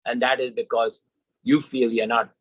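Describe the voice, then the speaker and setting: A man's voice: mid-range voice, level tone, normal speed, a bit bright, breathy edge, no echo, low-quality recording. A man telling a personal story emphatically as a trainer in an online session.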